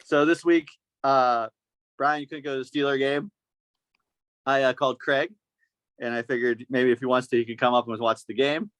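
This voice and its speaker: Hosting a podcast, a man tells a story casually and with animation, acting out the voices of its characters. His voice sits in the mid range, his pace is moderate, and there's no echo.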